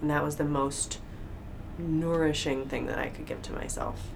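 A woman talking openly in a casual conversation, telling personal stories with lively acted-out quotes. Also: low voice, normal speed, gravelly. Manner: open, animated storytelling with acted-out quotes. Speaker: guest. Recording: faint background noise.

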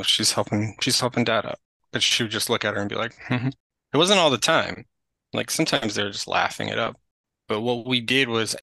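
A man's voice: on the low side, vocal fry, no room sound, poor audio. A young man, a podcast guest, chatting casually about caring for his mother, using lots of "like". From Greek family background. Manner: chatty, lots of "like", animated retelling. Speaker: podcast guest, family caregiver. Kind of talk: casual conversational storytelling.

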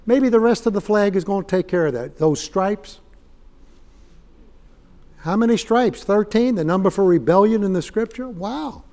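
A man preaching a fiery sermon in a church, folksy and swelling into loud emphatic bursts. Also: high-pitched, normal speed. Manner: folksy, rising to shouted emphasis.

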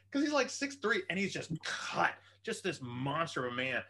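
A man spinning a story on a podcast, animated and quick to swear. His voice is bright and forceful, and it carries the tale in a casual way. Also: on the high side, a little hiss or hum.

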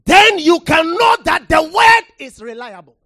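Impassioned high-voiced preacher. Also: sing-song, measured pace, dry recording, clean studio sound. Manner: impassioned, shouting for emphasis with sudden drops to quiet; calls for audience response. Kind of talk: sermon.

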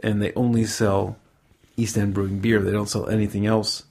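A man's voice: on the low side, flat delivery, moderate pace, vocal fry, darkish tone. A man hosting a podcast in casual chat, rambling and correcting himself, with easy laughs. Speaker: podcast host.

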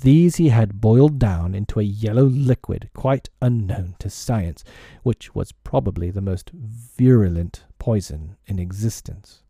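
Brief: male audiobook narrator, expressive, warm low timbre, dry close sound. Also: measured pace, hardly any pauses, husky, no echo. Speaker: audiobook reader. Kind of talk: storybook narration.

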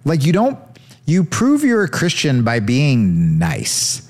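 A male comedian hosts his show, reacting to clips with sarcastic riffs. His voice sits a little high and swings all over the place as he jokes. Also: wildly swooping pitch, slow pace, darkish tone. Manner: sarcastic, riffing. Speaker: comedian host. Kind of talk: comedic commentary on video clips.

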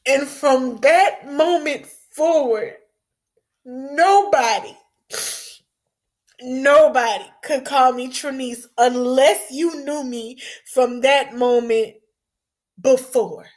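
A woman telling a personal story to an audience in a casual, blunt way, halting and repeating her words, with a touch of swearing. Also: high-pitched, a little mellow.

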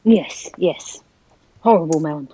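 A man, a regular on a comedy show, telling absurd stories in a deadpan way. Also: fairly high pitch, slow, slightly rough, low-quality recording. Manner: deadpan, dry. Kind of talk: deadpan comic banter.

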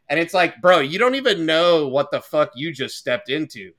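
A man's voice: a little high, animated, unhurried, pushed and bright. A man on a podcast telling a story in a heated, profane, casual way. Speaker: podcast co-host.

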